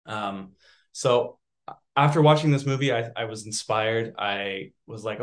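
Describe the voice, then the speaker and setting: A man from Canada, an actor, chatting in an interview in a soft, hesitant way with many restarts. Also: fairly low pitch, steady tone, unhurried. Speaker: actor guest. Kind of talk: casual interview chat.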